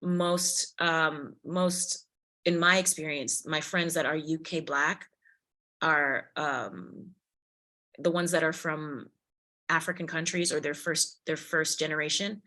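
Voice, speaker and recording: Bright, animated actress telling stories. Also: female voice, deep voice, slow. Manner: animated, expressive storyteller. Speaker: actress, podcast guest. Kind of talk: casual interview chat.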